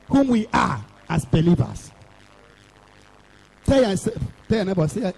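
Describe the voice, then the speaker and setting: Nigerian male evangelist, high lively voice, fiery call-and-response sermon. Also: unhurried, creaky, pauses often, husky, poor audio. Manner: shouting, sing-song call-and-response preaching. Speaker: evangelist preacher.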